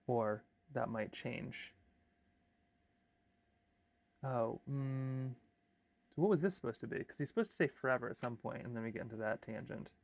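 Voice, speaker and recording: Gravelly man thinking aloud on a livestream. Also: mid-range voice, animated, fast talker, a little mellow. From Alaska. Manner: rambling, reads chat comments and draft text aloud. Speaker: artist and filmmaker livestreaming.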